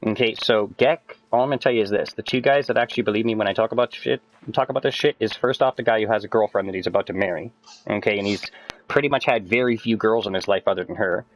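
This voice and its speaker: A man chatting with friends while he plays a game on stream. He lectures them and swears a lot, and his voice climbs higher as he gets worked up. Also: fast, poor audio. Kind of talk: casual chat with friends while gaming.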